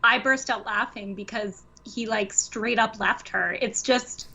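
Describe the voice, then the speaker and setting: A woman co-hosting a laid-back podcast offers amused commentary on a film. Her voice sits slightly high and bright. She talks in a loose, conversational way. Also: steady tone, measured pace, vocal fry, slight background noise, poor audio. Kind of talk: casual podcast chat.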